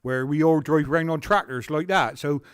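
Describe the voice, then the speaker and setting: A man's voice: a little high, moderate pace, clear, resonant tone, no room sound, studio quality. Englishman with a Californian-tinged accent. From England. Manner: rambling and self-mocking, with casual slang.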